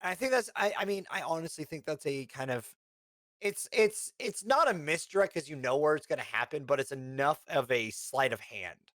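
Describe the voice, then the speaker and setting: A young man co-hosting a podcast over a voice call, chatting in an animated, playful way with lots of restarts. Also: on the high side, normal speed, dry recording, clean studio sound. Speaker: podcast co-host. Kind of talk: casual chat. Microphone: remote call over voice chat.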